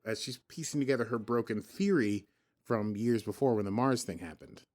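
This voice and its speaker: A man's voice: fairly low pitch, a little fast, darkish tone. Rambling, jokey man hosting a podcast. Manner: rambling, jokey, often restarts sentences. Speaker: podcast host. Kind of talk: casual chat.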